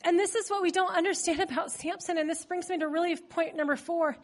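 High-voiced woman preaching with a cold. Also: fairly even intonation, a little fast, hardly any pauses. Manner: humorous, chatty storytelling. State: has a cold. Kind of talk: conversational sermon.

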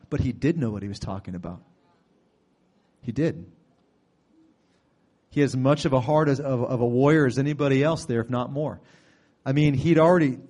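Male preacher, slightly high voice, casual storytelling sermon, sudden loud outbursts.

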